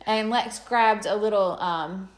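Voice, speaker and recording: A woman's voice: mid-range voice, slow pace. A woman in her thirties casually telling a story in a chat, often laughing as she talks.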